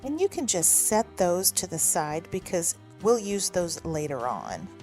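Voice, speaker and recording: A woman's voice: lowish voice, big pitch swings, measured pace, darkish tone. A woman, hosting a recipe tutorial in a friendly, upbeat instructional manner. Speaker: cooking channel host. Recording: faint music behind.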